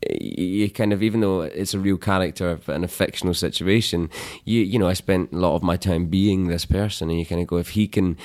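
Scottish male guest, young, low voice, laid-back conversational style. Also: a little fast, hardly any pauses. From Scotland. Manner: relaxed, laughs easily, trailing restarts. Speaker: actor guest. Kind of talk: casual interview chat.

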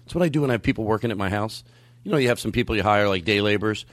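A man hosting a comedy podcast in a studio with a live band, amped up on coffee, animated and swearing freely as he slips in and out of joke voices. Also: on the low side, rapid-fire, dry recording. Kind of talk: loose comedic banter.

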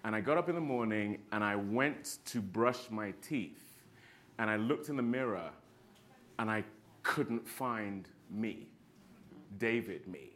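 Male actor panelist with a bright tone, expressive storyteller who laughs through his anecdotes. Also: fairly low pitch, a little slow, a little hiss or hum. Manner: expressive, laughs often while telling stories. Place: panel stage.

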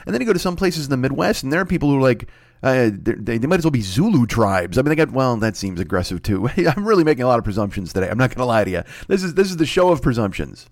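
A man's voice: medium pitch, very animated, fast, no room sound. A man in his forties hosting a solo podcast from his apartment, rambling and swearing as he talks straight to his listeners. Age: 40s. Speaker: podcast host. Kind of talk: solo comedic rant. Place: apartment room, alone.

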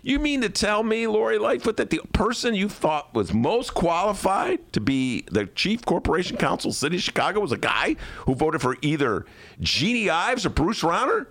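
Lively, sarcastic male talk radio host. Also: a little high, moderate pace. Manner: animated, sarcastic, addresses listeners as folks. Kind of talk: opinionated political talk radio. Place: radio studio.

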